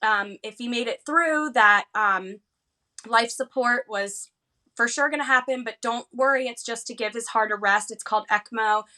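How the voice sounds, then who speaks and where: A woman in her thirties from the United States, a guest telling an emotional personal story with lively quoted dialogue. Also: on the high side. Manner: animated, fast retelling with lively quoted dialogue. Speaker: interview guest.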